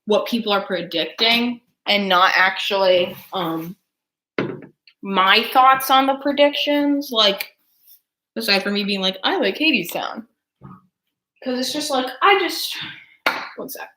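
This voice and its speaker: A woman's voice: mid-range voice, unhurried, sharp tone. Rambling young woman vlogger. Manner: rambling, lots of "like" and "um" fillers; eating while talking. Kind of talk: casual chat.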